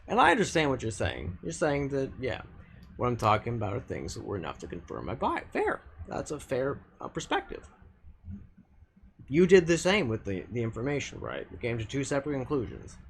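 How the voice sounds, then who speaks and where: A man's voice: mid-range voice, huge pitch swings, brisk, gravelly, a little hiss or hum. A man streaming a game and talking casually with his viewers, arguing bluntly and swearing often, with frequent restarts. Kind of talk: casual live-stream chat reading viewer comments.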